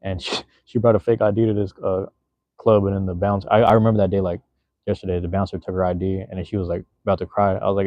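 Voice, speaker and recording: A man's voice: low voice, little pitch movement, fast, dry recording, lo-fi sound. A young man in his twenties hosting a livestream, chatting loosely with viewers in rambling, profane slang from a room at home. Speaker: livestream host. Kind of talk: casual livestream chat reading viewer comments.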